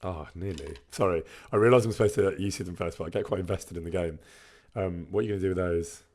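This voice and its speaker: A man talks casually to his live-stream viewers, reading out chat messages with frequent laughter. His voice sits slightly low. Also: fast talker, a little mellow. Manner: chatty, laughs often, reads out chat messages.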